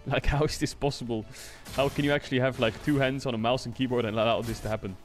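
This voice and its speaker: A man's voice: mid-range voice, fairly even intonation, fast talker, soft background music. A young man streaming a video game and commenting live, exasperated with his teammates, swearing and laughing in disbelief.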